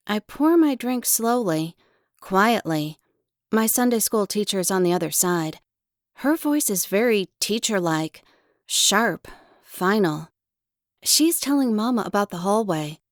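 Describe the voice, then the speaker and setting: A woman, the author, reading her own first-person memoir aloud in gentle, earnest short phrases. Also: mid-range voice, no echo, studio quality.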